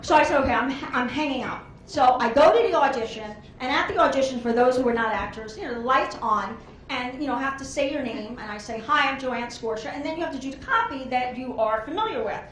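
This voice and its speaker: A woman's voice: sits high, lively intonation, quick pace. A woman doing a stand-up comedy set on a club stage, telling brash, rambling stories full of quoted voices. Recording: echoey club room.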